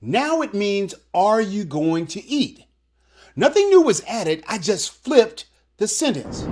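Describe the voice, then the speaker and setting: A language teacher leads a scripted video lesson with soft background music, encouraging learners while moving between English and Spanish. Example sentences get repeated slowly. The medium-pitched voice is sing-song with a darkish tone.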